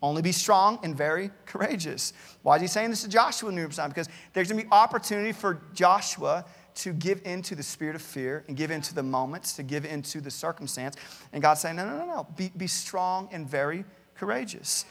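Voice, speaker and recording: A man's voice: a little high, brisk, fairly bright tone, in a large hall. A male pastor preaching a sermon, earnestly reading out many Bible verses and often repeating words as he starts a thought. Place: church campus, large hall.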